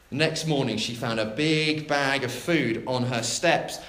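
A man, a church minister preaching a sermon with an expressive, dramatic delivery and long pauses. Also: medium pitch, reverberant.

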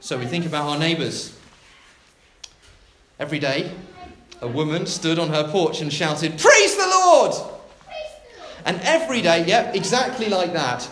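A man, a church minister preaching a sermon with an expressive, dramatic delivery and long pauses. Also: on the high side, echoey room, slight background noise.

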